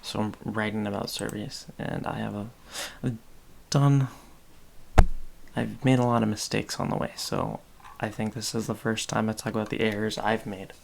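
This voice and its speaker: A man's voice: lowish voice, steady tone, moderate pace, creaky, noisy background. A man with a Boston accent, a podcast host rambling distractedly and muttering to himself while he works on a casual livestream.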